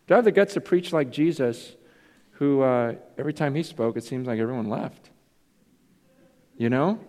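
A man's voice: mid-range voice, moderate pace, darkish tone. A man preaching a sermon as pastor, earnest and confessional, questioning himself aloud. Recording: long reverb in a large hall.

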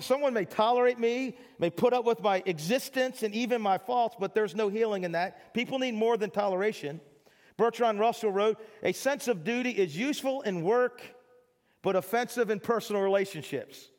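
A man with a high voice preaches to his congregation in a loose, chatty way and acts out small everyday scenes for laughs. His words ring out with the long reverb of a church hall. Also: moderate pace, a little mellow. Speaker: pastor. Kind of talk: sermon.

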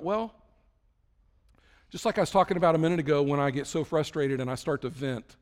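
A man's voice: on the high side, brisk, long pauses, in a large hall. A man preaching a sermon in a conversational way, acting out prayers and imagined talks with God. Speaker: pastor.

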